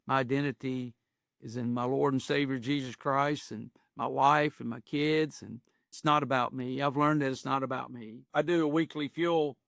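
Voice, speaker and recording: A man's voice: medium pitch, fairly even intonation, normal speed, gravelly, a bit bright, no room sound, studio quality. A man in his sixties, an executive coach, telling stories in earnest with folksy phrasing in a podcast interview. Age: 60s.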